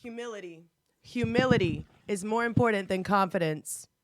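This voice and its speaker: A woman's voice: mid-range voice, moderate pace. A young woman, a comedian guest on a podcast, frank and argumentative with crude jokes. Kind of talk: casual podcast banter.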